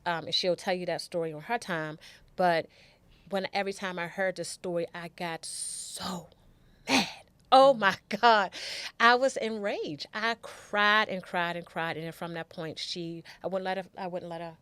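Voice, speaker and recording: A woman's voice: lowish voice, fairly even intonation, normal speed, bright, forceful tone, clean tone, no echo. A middle-aged woman telling an emotional personal story as a podcast guest, candid and repeating her words as she goes.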